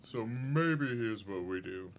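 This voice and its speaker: A man playing a tabletop game, reasoning through options in a measured in-character party discussion. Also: on the low side, expressive, a little hiss or hum.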